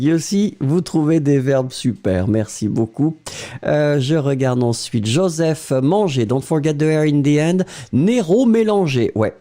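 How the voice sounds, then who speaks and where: A man with a French accent teaches a live lesson, his pitch leaping up and down as he praises answers. He talks slowly and carefully, with a dark, mellow tone, dropping "euh" between names. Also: animated. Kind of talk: live-stream language lesson, reading viewer answers.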